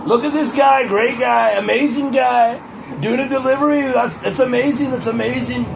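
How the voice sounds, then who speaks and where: A man impersonating an older male politician who is boastful and blustery, piling up repeated superlatives with drawn-out emphasis. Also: very high-pitched, fairly even intonation, creaky, background noise, voice pushed up. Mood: gushing.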